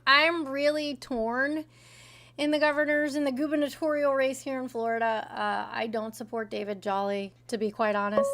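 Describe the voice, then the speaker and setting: A woman's voice: on the high side, fairly bright tone. A woman hosting a live call-in stream who bluntly questions and challenges her callers. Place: in Florida.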